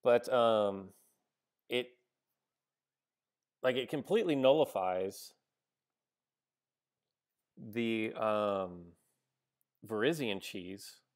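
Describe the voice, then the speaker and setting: A man's voice: fairly low pitch, extremely slow, pauses often. A man giving casual live-stream commentary on a game he is playing. He thinks aloud, stops and restarts often with ums and likes, and answers viewers between moves. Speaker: gaming streamer.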